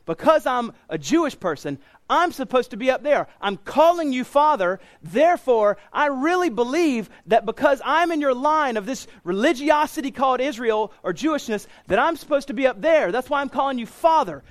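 A man's voice: very high-pitched, lively intonation, moderate pace, few pauses, dry recording, pitched above the performer's own voice. A man voicing a rich man in hell who insists he is owed a place in heaven, pleading and insistent.

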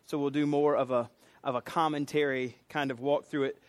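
A man's voice: on the high side, steady tone, a little fast, no echo. A middle-aged man with a Southern US accent, a pastor teaching a sermon in a conversational, folksy way with self-deprecating asides. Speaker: pastor teaching a doctrine class.

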